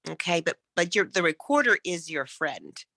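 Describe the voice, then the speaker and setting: Casting note: woman speaking coach on a video call, crisp enunciation, lowish voice, dry sound. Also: animated, moderate pace, no echo. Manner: demonstrates shifts between loud and whispered speech. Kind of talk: online workshop teaching.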